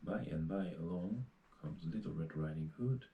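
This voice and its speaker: A man's voice: deep voice, normal speed, creaky, reverberant, phone-quality sound. A man with a Dutch accent reading a fairy tale aloud in English, plainly, with small slips and restarts. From Netherlands. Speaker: reader.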